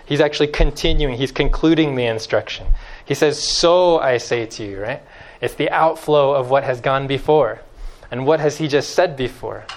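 Delivering a sermon in a mid-range voice, a preacher hammers home repeated key phrases, alternating forceful emphasis with quiet, hushed passages.

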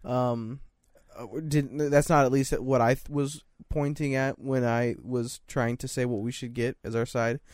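A man's voice: medium pitch, level tone, a little slow, a little mellow, no room sound, studio quality. A young man in casual chat, laid-back and slangy, swearing as he tells his side of the story.

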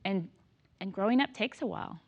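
A woman in her thirties telling stories in casual conversation, laughing often and animated. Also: mid-range voice, fairly quick, muffled recording. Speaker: guest.

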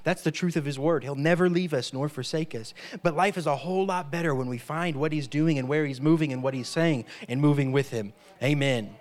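Emphatic higher-voiced male preacher. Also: a little fast, few pauses. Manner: emphatic, repeats key phrases, frequent "amen". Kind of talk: sermon.

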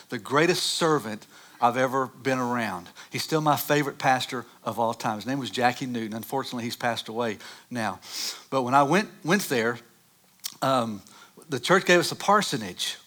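A man preaching a sermon, reading scripture and telling animated personal stories that rise loud at dramatic moments. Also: medium pitch, moderate pace. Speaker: pastor.

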